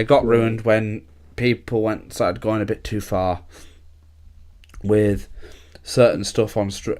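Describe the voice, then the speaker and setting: A man's voice: lowish voice, clear, resonant tone. A young man, talking casually and at length as a podcast host, swearing freely and laughing often.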